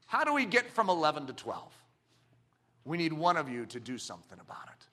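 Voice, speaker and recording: A middle-aged man preaching a sermon with passion, moving from quiet, close talk to shouting. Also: a little high, very animated, brisk. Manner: impassioned, swings from quiet intimacy to shouting.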